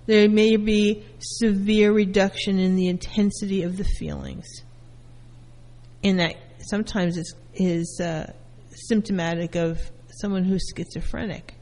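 Woman, therapist, calm teaching lecture, everyday examples, unhurried delivery, long reverb. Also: medium pitch. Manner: calm, explains with everyday first-person examples. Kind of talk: lecture explaining psychology terms.

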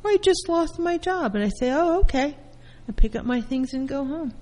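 A woman therapist giving a calm lecture, explaining terms through everyday first-person examples. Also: high-pitched, brisk, long reverb tail, poor audio. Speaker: therapist teaching.

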